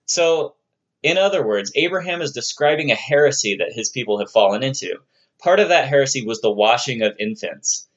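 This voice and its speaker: A man with a mid-range voice lectures on religious texts in a brisk, animated, conversational way, now and then dropping in a playful aside. He sometimes puts on playful voices for the figures he quotes. The recording sounds muffled.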